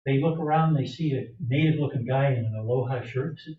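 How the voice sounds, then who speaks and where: A man's voice: medium pitch, quick pace. An older man, a senior acting student, telling a string of jokes to a class audience and playfully acting them out with gestures. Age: older adult. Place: performance room. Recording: echoey room, distant mic, dull sound.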